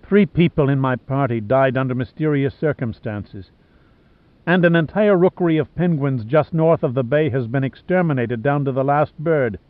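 A frightened, stranded woman who pleads in a soft voice, as a man reads her part. The sound is thin and phone-like. It is dry, with no room in it. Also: medium pitch, moderate pace, no echo, natural voice. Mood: desperate.

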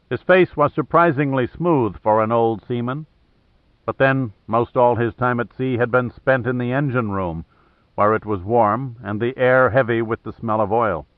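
A man's voice: mid-range voice, no echo, phone-quality sound. Man narrating an audiobook, phone-thin. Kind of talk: scripted narration.

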